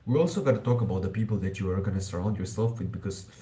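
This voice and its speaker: Low-pitched and mellow, this man speaks very fast through poor-quality audio. In a casual live stream on self-improvement, he rambles loosely, addresses listeners as bro, and cusses occasionally.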